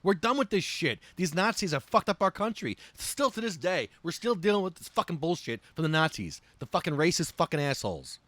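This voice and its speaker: A man hosting a podcast, ranting in a casual, profane and animated way. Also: fairly high pitch, fairly quick, hardly any pauses, dry recording. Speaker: podcast host.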